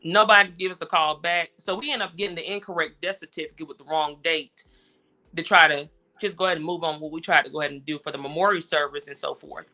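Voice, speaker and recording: A woman with a bright, forceful voice tells her story as an interview guest. She sounds worn down and frustrated, and she retells each exchange steadily and in detail. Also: sits low, steady tone, fast. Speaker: interview guest, grieving mother. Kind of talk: personal account in conversation.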